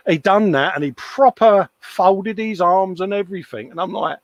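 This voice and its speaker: Sitting at his workbench in a home workshop, an older co-host keeps a livestream chat casual, reading out viewer comments and laughing a lot. He speaks in a high, animated voice at a measured pace.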